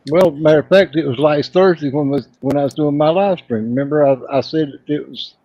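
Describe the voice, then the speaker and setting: A man's voice: fairly high pitch, brisk, mellow, no room sound, lo-fi sound. A man who does his own livestreams, talking in plainspoken casual chat with mild cursing.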